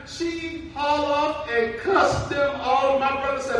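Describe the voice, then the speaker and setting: A man's voice: extremely high pitch, steady tone, normal speed, few pauses, fairly bright tone. A man preaching a sermon in a folksy, casual way that rises to fervent calls. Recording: very echoey, far from the mic, faint noise.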